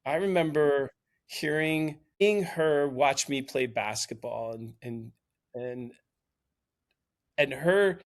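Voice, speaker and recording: A man, around his fifties, talking thoughtfully and in a measured way on a podcast. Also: mid-range voice. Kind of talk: reflective podcast conversation.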